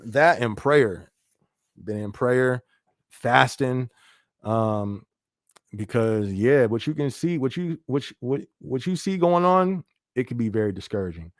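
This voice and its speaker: Male live-stream host, casual and loose, mid-pitched voice, close dry mic. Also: dry recording. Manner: laid-back, laughs often, frequent fillers like "you feel me". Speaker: livestream podcast host. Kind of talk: casual live-stream chat reading viewer comments.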